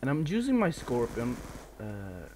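A man's voice: mid-range voice, huge pitch swings, measured pace, noisy background. A man from Sweden with a Swedish accent, giving casual live commentary over a video game while he plays, a bit nervous, swearing and laughing at himself. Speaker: gameplay commentator.

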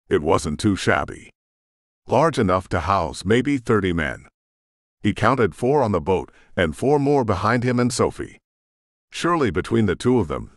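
Deep-voiced male audiobook narrator. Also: no room sound, clean studio sound.

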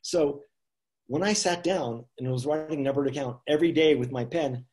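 A man, an author, telling his story in a relaxed, animated way, with frequent chuckles and asides. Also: a little high, moderate pace. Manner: animated anecdotes with many "you know" asides and chuckles. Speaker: author guest. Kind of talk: casual storytelling on a live video chat.

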